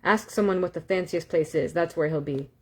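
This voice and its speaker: A woman's voice: sits low, brisk, darkish tone, breathy edge. A woman voicing a sly young man in disguise, talking in a persuasive, wheedling patter in a storybook reading.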